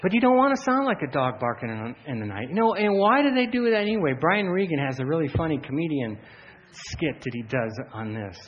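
A man preaching a sermon as pastor, telling stories animatedly with frequent laughs and loud shouted bursts. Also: fairly high pitch, very animated, brisk. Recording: dull lo-fi sound, faint room ambience.

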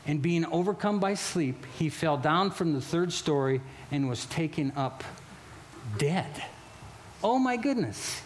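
A male pastor preaching a sermon in an animated, emphatic way, often repeating and restarting phrases, and turning quieter for solemn stories. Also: high voice.

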